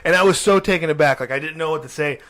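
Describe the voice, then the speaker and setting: A man co-hosting a casual podcast, telling crude, animated stories from his life. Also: fairly high pitch, racing. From Portland area, US. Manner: crude, animated storyteller who acts out quotes. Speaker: podcast co-host. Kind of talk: casual storytelling chat.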